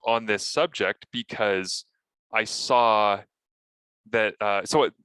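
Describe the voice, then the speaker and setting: A man co-hosting a casual sports podcast, telling animated stories and acting out his own broadcast lines. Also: fairly low pitch, takes it slowly, clear, resonant tone, dry recording. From Canada.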